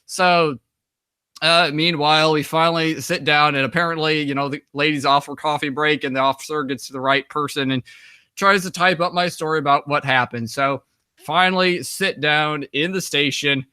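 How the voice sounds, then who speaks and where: A man's voice: fairly high pitch, fairly even intonation, moderate pace, bright, forceful tone, clear, resonant tone, no room sound, clean studio sound. A young American man with an American accent, telling a long story as an interview guest, rambling with many fillers and acting out the dialogue. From United States. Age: young adult. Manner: acts out quoted dialogue in conversation. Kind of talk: casual storytelling.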